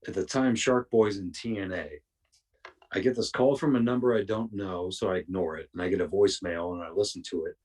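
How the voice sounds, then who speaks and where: A man's voice: sits low, fairly quick, darkish tone, recorded from a distance. A man, a podcast guest, telling rambling, profane anecdotes casually, with lots of restarts. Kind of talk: casual storytelling.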